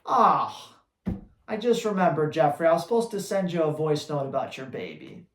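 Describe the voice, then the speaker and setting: A man who trains dogs, answering viewer questions on a live Q&A in a blunt, energetic, slangy way. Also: on the high side, normal speed, reverberant. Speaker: dog trainer.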